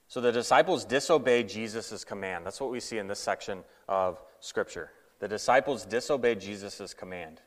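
A man gives a relaxed, conversational sermon and slips into the voices of the people he quotes. His speech is full of fillers. It is recorded in a hall with a long, ringing reverb. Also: lowish voice, moderate pace, hardly any pauses. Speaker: preacher. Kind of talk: casual sermon.

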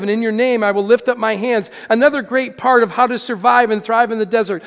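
Man, pastor, sermon, high pitch, gravelly, hushed-to-loud swings, reverberant hall. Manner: preaching with swings from hushed to loud, calls to the congregation. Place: church hall. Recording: echoey hall.

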